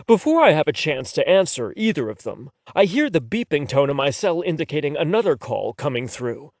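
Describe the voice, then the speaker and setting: Expressive male audiobook narrator. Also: fairly high pitch, a little fast, hardly any pauses, no room sound, clean studio sound. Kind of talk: first-person romance narration.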